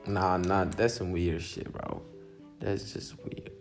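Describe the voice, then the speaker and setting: Slow-talking young man with music behind. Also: low-pitched, steady tone, creaky. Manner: laid-back, profane, self-mocking. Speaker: vlogger. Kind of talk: casual commentary over own silent video.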